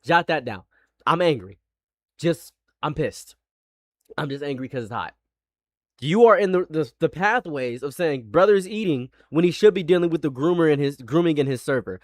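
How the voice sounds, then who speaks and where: A male streamer giving heated, profane livestream commentary, swinging from shouting to muttering, overheated and sweaty. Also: fairly high pitch, lively intonation, moderate pace, dry recording, studio quality.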